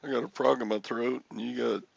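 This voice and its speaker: An older man hosting a casual chat, his voice crackly and gravelly from a frog in his throat, rambling and clearing his throat often. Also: mid-range voice, fairly even intonation, fairly quick, highs cut off. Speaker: host.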